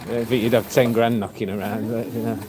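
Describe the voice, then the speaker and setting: A man's voice: on the low side, level tone, fast talker, background noise. A man, a tailor and shirtmaker, chatting casually and telling a rambling story with many fillers. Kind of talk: casual chat.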